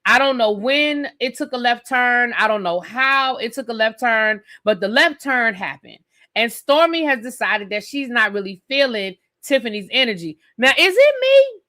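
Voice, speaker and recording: A woman's voice: fairly high pitch, normal speed, pushed and bright. A woman hosting a live stream who reviews a TV episode in an opinionated, sassy rant and talks straight to her viewers.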